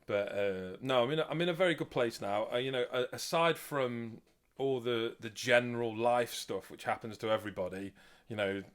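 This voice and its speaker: A man who is a musician, answering interview questions in a relaxed, reflective way. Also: mid-range voice, normal speed. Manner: relaxed, reflective, many fillers. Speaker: musician, podcast guest.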